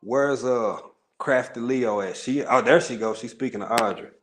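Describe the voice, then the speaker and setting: An East Texas man with a Southern drawl hosts a casual livestream, talking loosely and greeting viewers one by one. His voice sits at an ordinary middle pitch for a man, and he rambles through slang-filled asides in a relaxed, conversational way. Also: moderate pace, a little hiss or hum. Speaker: livestream host.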